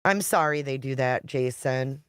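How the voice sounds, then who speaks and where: A woman's voice: rumbling low, measured pace, smooth, dry recording, clean studio sound. A woman YouTube creator talking casually on a live stream, chatty and blunt, reading viewer comments and swearing now and then.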